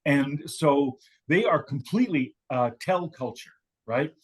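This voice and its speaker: Husky-voiced man telling a story. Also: fairly high pitch, animated, unhurried. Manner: digressive storytelling with many restarts. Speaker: guest, communication teacher. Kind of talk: casual chat.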